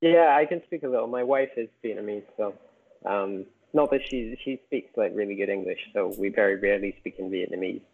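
A man from Scotland with a softened Scottish accent, chatting casually as a podcast guest, rambling and correcting himself as he goes. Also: lowish voice, brisk. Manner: rambling, self-correcting, chuckles often. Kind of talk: casual chat. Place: home in Vietnam. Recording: tinny phone-like remote call.

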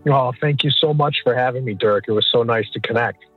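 A man's voice: medium pitch, brisk, slightly rough, no echo, narrow, tinny audio, faint music behind. A man who is an author guest on an interview, speaking earnestly in a flowing motivational way.

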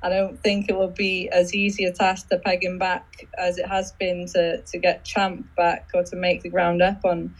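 A woman on a racing podcast panel, calmly weighing two horses before giving her deciding vote. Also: lowish voice, moderate pace, few pauses, rough recording. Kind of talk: casual chat.

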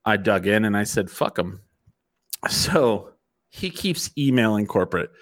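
Middle-aged man, casual storyteller, lively swooping pitch, lowish voice, swears a lot. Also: unhurried. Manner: profane, animated storytelling.

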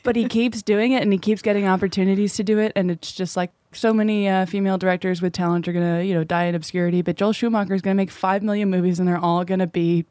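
A woman co-hosting a podcast in casual chat, jokey and rambling with quick asides. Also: medium pitch, steady tone, mellow, dry recording. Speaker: podcast co-host.

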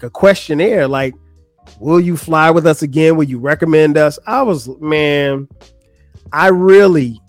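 A man hosting his own podcast, telling a story in a casual, animated, exasperated way with many restarts. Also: a little high, dry recording. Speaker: podcast host.

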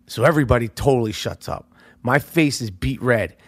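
A middle-aged man hosting a podcast, telling a story in a profane, animated monologue that swings between loud outbursts and hushed asides. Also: mid-range voice, a little fast. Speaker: podcast host.

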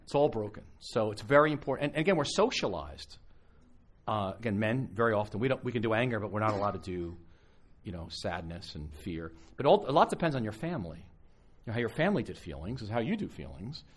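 Husky and on the low side, this man talks briskly as he preaches a conversational sermon to a live conference crowd. His storytelling is animated, broken by frequent restarts.

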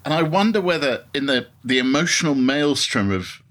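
A man hosts a podcast interview, asking thoughtful, probing questions and softening them with hedges. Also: medium pitch, expressive, normal speed. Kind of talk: interview conversation.

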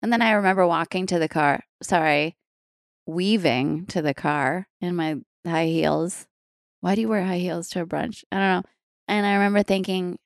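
A woman's voice: lowish voice, normal speed, no echo, clean studio sound. A woman guest musician in a casual interview, telling a story with lots of laughs and acted-out dialogue. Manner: animated, laughing, acts out dialogue.

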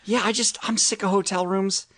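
A man, a stand-up comedian guest, talking casually in halting, rambling complaints. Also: sits high, fairly even intonation, fairly bright tone. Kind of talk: casual chat.

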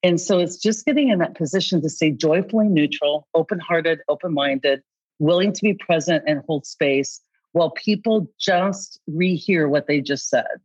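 A woman coach in a podcast conversation who talks with a husky voice and acts out both sides of the dialogues she describes. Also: deep voice, normal speed, a little mellow, no echo, dull audio. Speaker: coach advising company founders.

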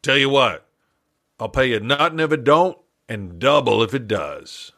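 A man quoting a gruff veteran businessman with a Texan accent, talking bluntly. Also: medium pitch, lively intonation, unhurried, bright, forceful tone. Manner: blunt, bossy.

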